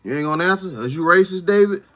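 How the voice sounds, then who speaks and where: Animated and fast, a man hosting a casual livestream grills a viewer with teasing, confrontational questions, his slangy speech full of fillers and "you know what I'm saying." His voice is high and fairly bright.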